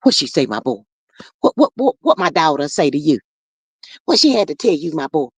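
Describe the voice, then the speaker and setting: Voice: medium pitch, very animated, a little fast, breathy edge, no echo, voice pushed down. A livestream host putting on the voice of an older mother who dotes on her grown son, drawling and calling him "my boy" and "honey". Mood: coddling.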